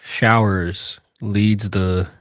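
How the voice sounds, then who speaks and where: A man's voice: on the low side, level tone, very slow, fairly bright tone, no echo, clean studio sound. A man hosting a casual sports podcast, asking his co-hosts questions with a teasing edge.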